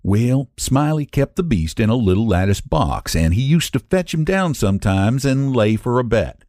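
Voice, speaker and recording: A male storyteller reads an old tale in a folksy rural dialect, his pitch rising and falling with lively animation. The recording is close and dry with no room sound. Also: normal speed, no echo. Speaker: story reader. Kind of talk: reading a classic short story aloud.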